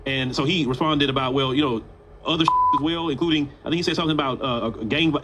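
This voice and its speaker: A man giving casual commentary, animated and talking straight to his audience. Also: fairly high pitch, fast talker, heavy background noise.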